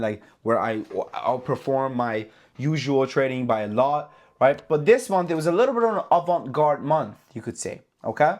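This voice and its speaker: A man hosting a casual trading recap vlog, talking in an animated, profane way and repeating himself for emphasis. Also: mid-range voice, moderate pace, few pauses. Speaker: trading channel host.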